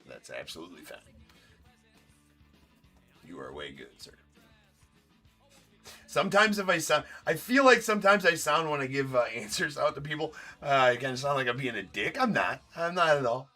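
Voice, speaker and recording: A man's voice: medium pitch, very animated, normal speed, long pauses, bright, forceful tone, soft background music. A man hosting a live card break stream, chatting casually and joking as he opens packs, with the odd swear.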